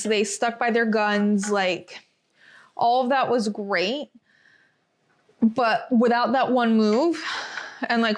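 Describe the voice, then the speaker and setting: A young woman with a slightly high voice hosts a casual podcast recap. She talks eagerly and informally, piling on fillers as she goes. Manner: chatty, enthusiastic, lots of fillers. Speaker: podcast host. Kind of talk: casual race recap chat.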